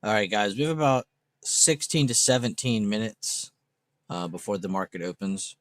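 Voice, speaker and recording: A man's voice: lowish voice, lively intonation, normal speed, no echo. A man hosting a casual livestream, chatting loosely with viewers and joking around, swearing now and then. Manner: loose, joking, swears casually, laughs at his own jokes. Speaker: livestream host. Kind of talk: casual livestream chat reading viewer comments.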